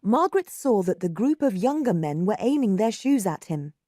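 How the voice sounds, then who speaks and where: A woman narrating a story aloud, slow and lively, acting out the dialogue. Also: medium pitch, no echo, studio quality.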